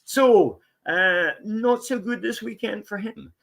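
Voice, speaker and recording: A man's voice: sits high, slow, gravelly, a bit bright. A man guest-hosting a casual motorsport commentary chat, rambling and jokey with many fillers. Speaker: guest host.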